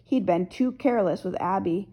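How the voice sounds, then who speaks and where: A woman reading a novel aloud as first-person narrator, in a steady storytelling manner. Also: mid-range voice, moderate pace, slightly rough, rough recording. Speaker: audiobook narrator.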